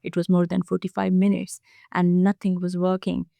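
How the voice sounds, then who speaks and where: Low, gravelly-voiced foster carer woman. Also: monotone, dark tone, no echo. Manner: earnest, halting with frequent fillers and restarts. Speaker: foster carer, podcast guest. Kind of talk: casual podcast conversation.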